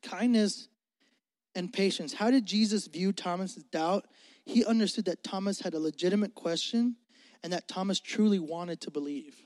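A male pastor preaching a sermon in an energetic, slangy, joking way. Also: high-pitched, moderate pace. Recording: long hall reverb.

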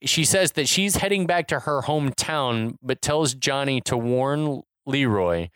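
A man's voice: mid-range voice, lively intonation, a little slow, a bit bright, clear, resonant tone, dry recording. A man co-hosting a podcast, recapping a movie in casual chat and rambling with lots of "like.". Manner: rambling recap with many "like" fillers. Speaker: podcast co-host.

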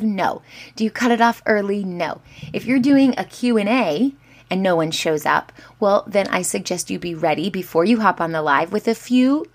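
A woman coaching on going live, chatty and encouraging, who acts out sample lines as she explains. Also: mid-range voice. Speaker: social media coach. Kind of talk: instructional talk to camera.

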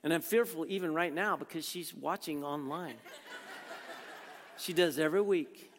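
Pastor, man, high-pitched, preaching in a big reverberant sanctuary; punchy rhetorical questions, drops to near-quiet for weight. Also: moderate pace. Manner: rhetorical questions, swings between emphatic and hushed. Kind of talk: sermon. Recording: long reverb from a large hall.

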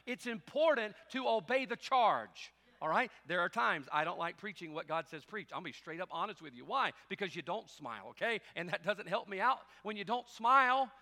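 A middle-aged man preaching a sermon as pastor, shifting between loud, driving preaching and quiet, joking asides. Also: high-pitched, big-room sound. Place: church sanctuary.

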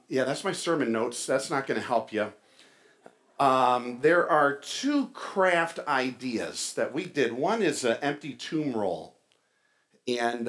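A man preaching a relaxed, conversational sermon, trading jokes with the congregation. He talks in a chatty way, full of fillers and restarts, at a middle pitch. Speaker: pastor. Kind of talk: casual sermon with a joke and announcements.

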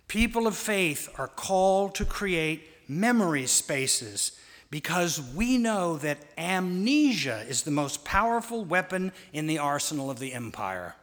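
A man's voice: high voice, fairly bright tone. A man preaching a sermon to a congregation, dramatic and mocking, leading call-and-response. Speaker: pastor. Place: church sanctuary. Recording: long reverb of a large church.

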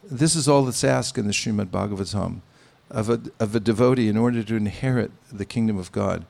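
A man giving a devotional sermon, speaking in a measured, pausing way with gentle humor. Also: lowish voice, gravelly. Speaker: spiritual teacher. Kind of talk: sermon with anecdotes.

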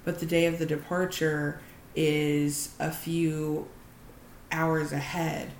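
A female podcast co-host recapping animatedly in casual chat, with some easy swearing. Her low voice carries a gravelly fry. The room is echoey, with faint background noise. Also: level tone, takes it slowly.

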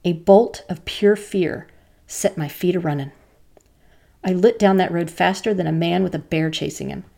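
A woman podcast host who tells stories in a measured, dramatic way. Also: lowish voice, fairly even intonation, gravelly, mellow. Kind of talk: storytelling narration.

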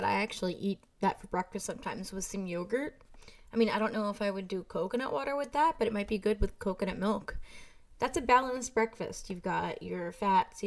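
A young woman vlogging, speaking candidly and with emphasis, firm in her opinions as she talks to her viewers. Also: medium pitch. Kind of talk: casual commentary to camera.

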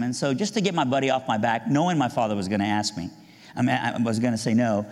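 A man from Iran telling his life story as a humorous testimony, animated and jokey, jumping high in pitch to act out punchlines and voices. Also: fast. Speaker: speaker giving a testimony. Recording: long hall reverb.

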